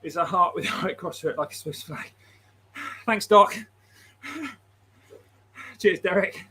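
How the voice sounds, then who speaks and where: A man's voice: high voice, unhurried, noisy background. A man hosting a livestream, chatting casually, laughing often and reading out viewer messages. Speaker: livestream host.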